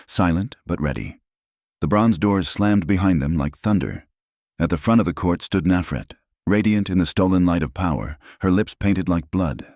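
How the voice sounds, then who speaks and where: Male narrator, very low voice, dry close sound, dramatic measured storytelling. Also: darkish tone, no echo.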